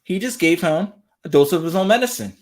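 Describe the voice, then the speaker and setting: Animated man hosting a commentary show. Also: a little high, brisk. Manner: animated, repeats phrases for emphasis. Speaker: relationship talk show host. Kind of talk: casual commentary to viewers.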